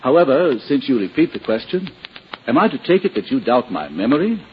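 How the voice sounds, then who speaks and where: A man's voice: medium pitch, sing-song, fairly quick, dull audio, natural voice. An actor playing a prim, moralizing male valet in a 1940s radio drama, speaking in a stiff, overly formal way. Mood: haughty. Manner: pompous, overly formal and preachy. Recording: hissy 1940s radio broadcast.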